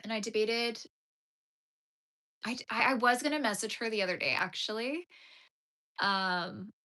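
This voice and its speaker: A woman's voice: on the high side, unhurried. A young Canadian woman hosting a crochet livestream, chatting casually as she tells a long rambling story and acts out the people in it. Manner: rambling, animated retelling with quoted voices.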